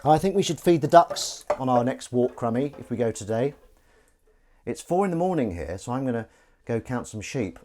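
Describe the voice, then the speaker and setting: An English man with a mid-range, slightly mellow voice hosts a live stream while washing dishes, speaking at a moderate pace with lively intonation. He chats with viewers between tasks in a jokey, rambling way.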